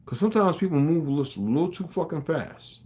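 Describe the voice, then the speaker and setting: A man's voice: a little high, expressive, fast, a little mellow. A man ranting on a livestream to his viewers, emphatic and profane, rambling and greeting chat viewers by name. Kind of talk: unscripted livestream rant.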